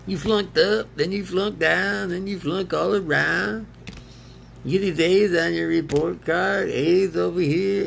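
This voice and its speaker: Gravelly man rambling and laughing. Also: on the high side, slight background noise. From United States. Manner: laughs often, argues with himself in two voices. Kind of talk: rambling self-talk monologue.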